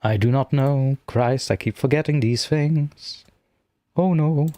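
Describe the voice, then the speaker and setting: A male streamer chats loosely with his viewers, mocking himself as he fumbles through his software and talks things through aloud. His voice sits in a middling range, and the recording is close and dry with no room sound. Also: mid-range voice, unhurried, no room sound. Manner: rambling, self-mocking, talks to himself while fiddling with software. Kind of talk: casual live-stream chat.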